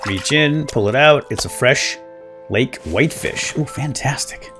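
A man giving casual, chatty commentary while playing a survival game, getting excited over small wins and chuckling often. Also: medium pitch, measured pace, over music. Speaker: let's play gamer.

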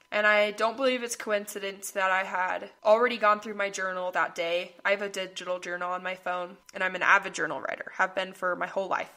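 Earnest young woman with a bright voice. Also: mid-range voice. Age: young adult. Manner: earnest, reading aloud from old journal entries. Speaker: podcast host. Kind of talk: personal reflective monologue.

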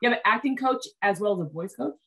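Woman, interview host, enthusiastic, talkative, quick restarts, video call, mid pitch. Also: expressive, fairly bright tone, husky. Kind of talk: casual interview chat.

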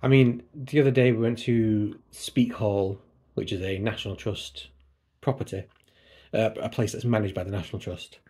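Guy rambling about books at home, kinda low and husky, keeps going off on tangents. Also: steady tone, moderate pace, darkish tone. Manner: chatty, digressive, self-deprecating. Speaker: book vlogger. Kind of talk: casual chat. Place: at home by a computer.

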